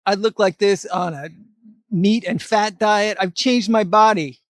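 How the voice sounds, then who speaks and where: A man's voice: high voice, steady tone, unhurried, dry recording, studio quality. A middle-aged man giving a blunt, emphatic motivational talk to camera as a fitness vlogger, with some mild cursing.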